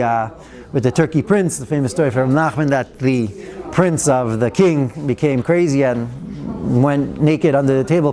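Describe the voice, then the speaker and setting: A man's voice: a little high, mellow. A man, a rabbi, teaching a weekly Torah class, telling stories and acting out quoted lines, with Hebrew and Yiddish terms woven into his talk. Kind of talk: Torah class, storytelling lecture.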